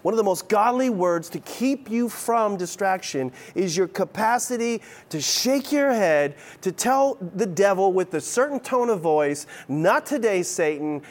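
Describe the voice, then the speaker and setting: A man's voice: high voice, lively intonation, a little slow, few pauses. A middle-aged man preaching a sermon as pastor, conversational and playful, with frequent restarts.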